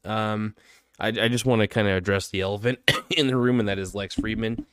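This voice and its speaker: A young man talks through a loose comic monologue on his podcast, boasting and then mocking himself, with plenty of "um"s along the way. His voice sits a little low. The sound is dry and close, with no room in it. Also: steady tone, brisk, fairly bright tone, clean tone, dry recording. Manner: joking, self-mocking bravado with many fillers. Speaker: podcast host. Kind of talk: rambling comedic monologue.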